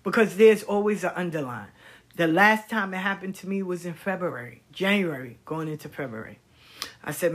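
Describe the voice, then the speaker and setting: A woman's voice: lowish voice, expressive, fairly quick, breathy edge. A middle-aged woman talking bluntly in a personal commentary vlog, swearing and repeating words for emphasis. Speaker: vlogger. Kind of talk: candid personal commentary monologue.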